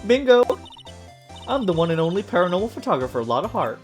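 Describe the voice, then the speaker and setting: A man's voice: high voice, racing, soft background music. A man voicing a brash young woman photographer with a put-on Southern drawl, reading game dialogue aloud on a stream. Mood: excited. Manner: loud, folksy drawl, excited.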